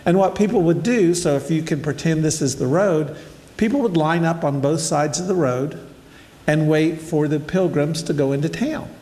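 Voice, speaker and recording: A man's voice: a little high, normal speed, warm tone. An older man giving a casual sermon, reading scripture and then explaining it in a conversational, storytelling way while addressing his listeners directly. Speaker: preacher. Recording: echoey hall.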